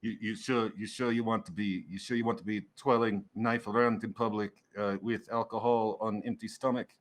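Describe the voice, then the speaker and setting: A man voicing a male café owner who speaks loud, clipped broken English. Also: fairly low pitch, fairly even intonation, normal speed, voice pushed up, natural voice. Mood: pushy.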